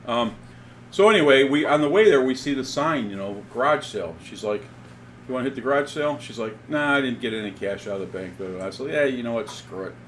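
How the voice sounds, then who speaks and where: Male co-host, casual storyteller, animated, laughs through his lines, mid-pitched. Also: fast talker, slight background noise. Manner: animated storyteller, laughs often, acts out dialogue. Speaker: podcast co-host.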